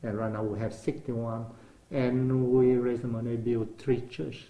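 An older man with a Vietnamese accent tells his life story in English, his second language. His voice is mellow and dark, and it sounds roomy and echoey. He acts out the dialogue as he goes and stumbles over repeated words. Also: mid-range voice, measured pace. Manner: animated, acts out remembered dialogue, repeats words while searching. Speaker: interviewee. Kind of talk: storytelling in conversation. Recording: roomy echo.

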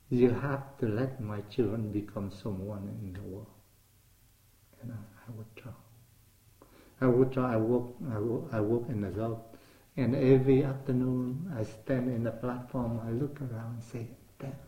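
A man's voice: medium pitch, muffled recording. An older man from Vietnam with a Vietnamese accent, speaking English as a second language. He tells his life story in conversation, acting out remembered dialogue and repeating words as he searches for them. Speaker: interviewee. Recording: roomy echo.

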